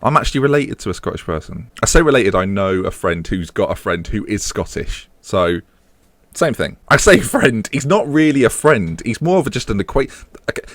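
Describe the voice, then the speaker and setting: Guy narrating his football manager save, lowish voice jumping all over, dry close sound, keeps cracking jokes. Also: very animated, fairly quick, fairly bright tone, dry recording. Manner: jokey, rambling asides mixed with match commentary. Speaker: gaming channel host. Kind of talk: live commentary over his own football management game.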